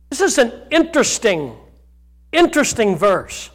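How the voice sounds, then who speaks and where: A male pastor preaching a sermon to his church, breaking into shouts and then dropping to quieter scripture reading. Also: very high-pitched, huge pitch swings, a little slow.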